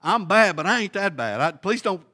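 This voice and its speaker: A man's voice: sits high, very animated, moderate pace, sharp tone, roomy sound, long reverb tail, exaggerated voice. A man briefly voicing a cornered male demon in a jokey, mock-pleading way.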